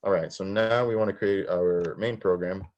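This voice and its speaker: A robotics instructor runs an online coding lesson, walking students through each step, quizzing them, and frequently starting his sentences over. His voice is deep and a little mellow, with a steady tone and moderate pace, and the recording has its highs cut off.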